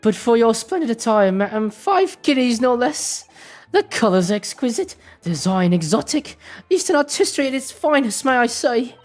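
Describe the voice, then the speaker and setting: Brief: woman voicing a stiff Victorian shopkeeper, lowered voice, faint music behind. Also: big pitch swings, normal speed, a little mellow. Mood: flattering. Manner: stiff, haggling, old-fashioned formal. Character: fussy Victorian male pawnbroker, formal.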